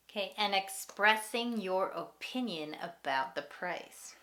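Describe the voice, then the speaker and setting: A woman teaching an English lesson, speaking slowly and clearly and repeating example phrases. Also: medium pitch, animated, pushed and bright. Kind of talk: ESL lesson.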